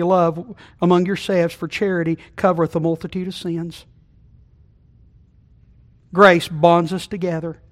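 High-voiced folksy preacher, loud to hushed. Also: male voice. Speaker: pastor. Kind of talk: sermon. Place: church sanctuary.

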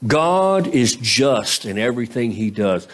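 Talking to his congregation conversationally, a pastor poses rhetorical questions as he preaches. He is unhurried, and his pitch swings strongly between raised and low.

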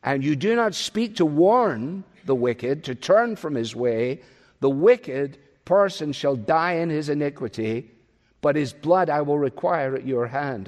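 A man preaching an expository sermon, pressing his points with loud rises and then dropping to a soft, low voice. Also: lively intonation, measured pace, in a large hall. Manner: emphatic, swinging between loud rises and soft drops.

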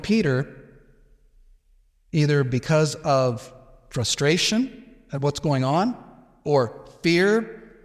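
A man with a slightly raised pitch delivers an expository sermon, explaining verse by verse with restarts and small asides. His voice rings out in a church sanctuary, trailing a long hall reverb. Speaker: pastor.

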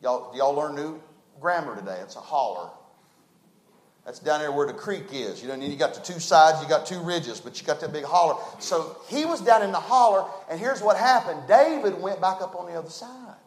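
Preacher guy, folksy, goes loud then quiet, pretty high voice, echoey church. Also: lively intonation, moderate pace. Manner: folksy, emphatic, swings between loud and hushed. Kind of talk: sermon.

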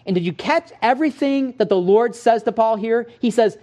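A man preaching a sermon, teaching from scripture in an earnest, emphatic way, slowing down to stress key words and explaining Greek terms. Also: extremely high pitch, mellow.

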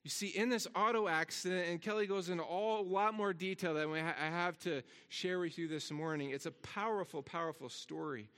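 A man preaches from the pulpit with a high, bright, forceful voice that climbs when he presses a point. He repeats his words as he builds. The sound carries a long reverb from a large church hall. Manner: earnest, repeats words, rises in pitch for emphasis. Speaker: pastor. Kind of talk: sermon.

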